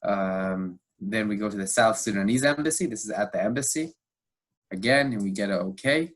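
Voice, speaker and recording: A low, husky male voice recounting events on a podcast, lively and animated as he acts out the people in his story. He speaks with frequent fillers and a storyteller's pacing. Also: moderate pace. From United States. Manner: animated retelling with acted quotes, fillers. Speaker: podcast guest. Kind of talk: storytelling interview.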